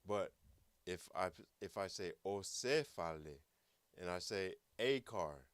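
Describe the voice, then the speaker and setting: A man's voice: deep voice, lively intonation, takes it slowly, dry recording. A man teaching a language class, patiently explaining and repeating words for practice. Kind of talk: online language lesson.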